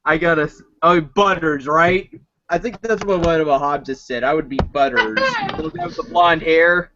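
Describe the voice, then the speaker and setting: High-pitched young guy rambling in voice chat, keeps restarting, muffled lo-fi sound. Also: normal speed, noisy background. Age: young adult. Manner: rambling and excitable, with many restarts. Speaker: host. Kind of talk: casual group voice chat.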